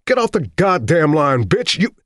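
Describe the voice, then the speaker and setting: A man's voice: fairly low pitch, lively intonation, normal speed, no echo, studio quality. A man reading an audiobook voices a desperate, bitter working-class husband who sounds tense and pleading.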